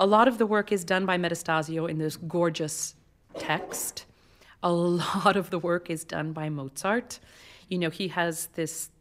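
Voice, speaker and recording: A woman opera singer speaks in a voice sitting a little low for a woman. She explains her craft in an onstage interview before an audience, animated and expressive.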